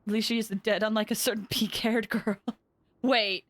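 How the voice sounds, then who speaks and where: A young woman streaming a game, reacting in an excitable, giggly way and wandering off on tangents. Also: on the high side, moderate pace, no room sound. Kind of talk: casual game commentary.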